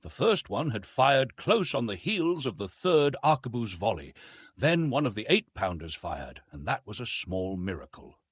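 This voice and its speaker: An audiobook narrator, a man, tells a science fiction story with real drive. His tone is slightly husky, and his pitch leaps around as he builds the action. The sound is close and dry, with almost no room around it. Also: normal speed, no echo. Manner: animated storytelling with lively rises in pitch.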